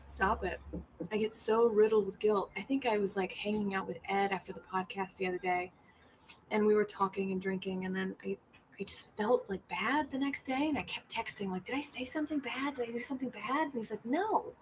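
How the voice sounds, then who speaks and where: A middle-aged comedian hosting a livestream chats casually and rambles, reading viewer comments aloud and acting out people from her stories in a self-deprecating way. Her mid-range voice is brisk with fairly even intonation, over slight background noise.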